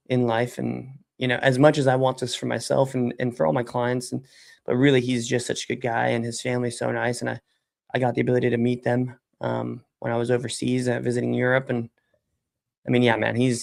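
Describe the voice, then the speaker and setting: A man's voice: mid-range voice, gravelly. A man hosting a casual livestream, chatting while he works at his computer, rambling with lots of fillers and casual swearing. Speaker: software company founder and livestream host. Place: at a computer desk, typing during a livestream.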